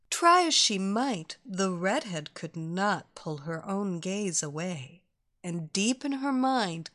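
Slow, soft-spoken woman narrator. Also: lowish voice. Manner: slow, soft, drawn-out reading. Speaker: story narrator. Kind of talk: scripted narration.

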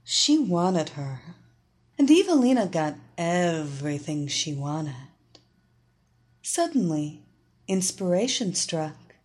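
A woman narrating an erotic story in a slow, expressive reading. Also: on the low side.

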